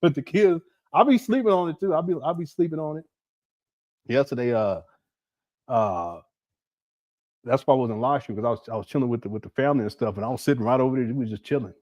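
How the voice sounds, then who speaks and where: A man's voice: medium pitch, quick pace, pauses often, a little mellow, no room sound, dull audio. A man hosting a casual livestream, laughing often and reading out viewer messages. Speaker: livestream host.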